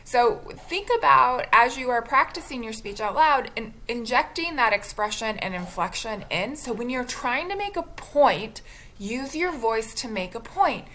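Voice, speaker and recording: A woman speech instructor giving a recorded lecture on delivery, talking in a conversational, expressive way with a few restarts. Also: a little high, unhurried, slight background noise.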